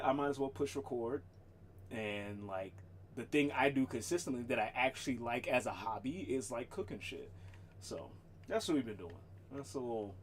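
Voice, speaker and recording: A man's voice: mid-range voice, a little hiss or hum. Rambling, cursing male streamer. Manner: loose, rambling, swears freely, laughs often. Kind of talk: casual chat.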